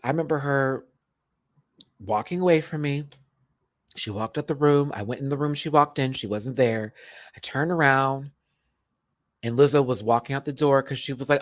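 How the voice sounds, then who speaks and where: A man's voice: medium pitch, moderate pace, no echo. A young man hosting his own livestream, talking heartfelt and rambling to viewers while emotional and near tears, often repeating and restarting words. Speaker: YouTuber host.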